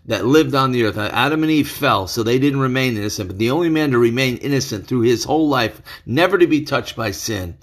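A man's voice: medium pitch, expressive, brisk, hardly any pauses. A male preacher teaching through a scripture passage in an earnest, emphatic way, repeating key phrases. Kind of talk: bible teaching sermon.

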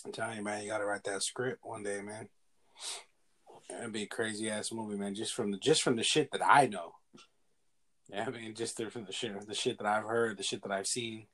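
A laid-back man hosting a podcast, talking in a quiet, easygoing voice that sits low. His speech is casual and profane, with plenty of fillers like "man". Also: fairly even intonation, a little fast. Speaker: podcast host. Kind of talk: casual chat.

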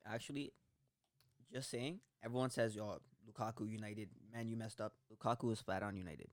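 A man's voice: fairly low pitch, steady tone, a little fast. A young man on a podcast, pushing his football opinions insistently in casual chat. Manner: insistent, says "man" and "I'm telling you". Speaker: podcast co-host.

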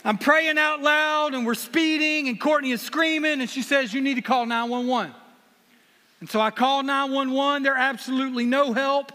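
A man's voice: very high-pitched, fairly even intonation, normal speed, pushed and bright. A man, preaching as a guest with self-deprecating humor and earnest personal stories. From South Carolina. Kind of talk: sermon with personal storytelling. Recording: long reverb of a hall.

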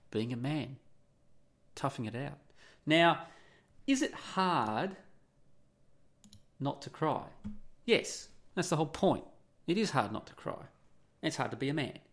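A middle-aged man hosting an opinionated monologue, blunt and profane, firing off rhetorical questions. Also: fairly high pitch.

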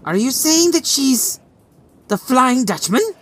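A man voicing a young, excitable male lighthouse keeper who cries out in shrill, frightened bursts. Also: takes it slowly, slight background noise, full character voice. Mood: alarmed.

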